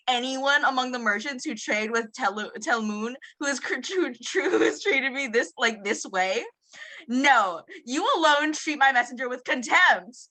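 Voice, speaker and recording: Brief: huffy valley girl put on by a young woman, a bit higher, drawling. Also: sharp tone. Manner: drawling, sprinkled with "like".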